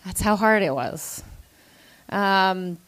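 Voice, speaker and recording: A woman comedian tells a stand-up story slowly in a mid-range voice. She's animated and self-mocking, acting out the people she quotes.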